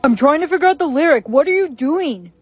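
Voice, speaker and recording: A high female text-to-speech voice reading a cold, scheming young man. The delivery is flat and synthetic, in storytime style. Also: a little fast, soft background music.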